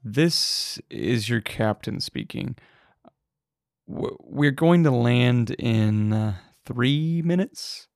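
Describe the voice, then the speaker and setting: A jittery airline captain stumbles and hesitates over his announcement, put on by a man. His gravelly, low-set voice drags slowly, and the sound is dry and close. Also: dry recording. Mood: nervous. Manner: hesitant, stammering, slow. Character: nervous stammering male airline captain.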